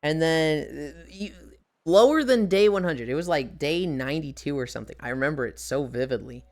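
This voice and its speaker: Woman streamer, low and highly expressive voice, animated and salty casual talk. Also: a little fast. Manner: animated storytelling, swearing and laughing often. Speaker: live streamer. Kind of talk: casual live-stream chat.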